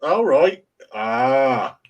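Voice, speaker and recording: A middle-aged Englishman hosts a chat stream, talking casually with friends, swearing freely and laughing often as he tells stories. His medium-pitched voice is very animated but extremely slow, and the recording has its highs cut off.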